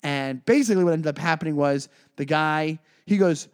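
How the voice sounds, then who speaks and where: A man with a fairly high voice co-hosts a podcast and tells a long story in a loose, casual way. He is animated and jumps much higher whenever he acts out what other people said. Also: normal speed, clean tone. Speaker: podcast co-host and comedian.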